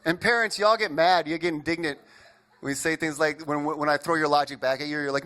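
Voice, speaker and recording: A young man from Indiana performing an animated stand-up comedy set, riffing with the crowd. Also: a little high, fairly quick. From Indiana, USA.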